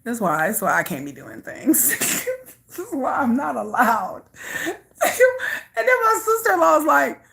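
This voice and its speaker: A young woman chatting casually while walking, animated and laughing, swinging from squeals to low mutters. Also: a little slow, vocal fry. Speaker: vlogger.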